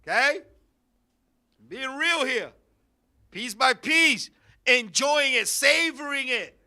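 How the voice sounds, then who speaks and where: A man hosting a talk show in a studio, telling a comedic story with loud bursts and laughing asides. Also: very high voice, animated, slow. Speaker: podcast host.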